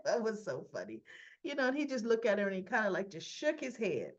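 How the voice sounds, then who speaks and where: A woman's voice: medium pitch, wildly swooping pitch, fairly quick, lo-fi sound. A woman chatting through a casual soap opera episode recap, acting out the characters' lines as she goes.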